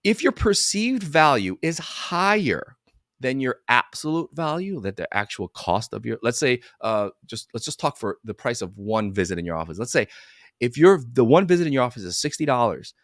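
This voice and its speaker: A man gives a casual live-streamed lesson to chiropractors. He rambles, swears offhandedly and keeps asking whether listeners follow him. His pitch swings widely, and the sound is dry and close. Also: moderate pace, no room sound. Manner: animated and rambling, with casual swearing and frequent check-ins with listeners. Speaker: business coach for chiropractors.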